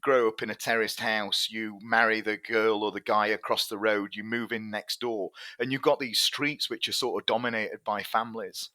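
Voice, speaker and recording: A man's voice: on the low side, fairly even intonation, normal speed, few pauses, sharp tone, no echo. A man, a tech company chief, telling stories in a casual interview, rambling with lots of fillers. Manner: chatty, rambling anecdotes with many fillers. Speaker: tech CEO guest.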